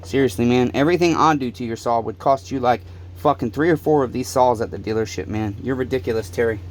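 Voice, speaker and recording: A man who runs a small-engine repair shop pleads and rants at the camera, cursing often and repeating himself in a heated monologue. His voice is mid-range and quick-paced, with a little hiss or hum on the recording.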